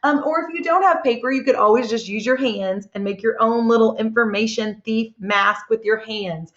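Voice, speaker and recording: A woman's voice: a little high, normal speed, fairly bright tone. A woman teacher guiding young children through a reading lesson, praising them often. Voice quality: encouraging, lots of praise. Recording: echoey room, dull sound.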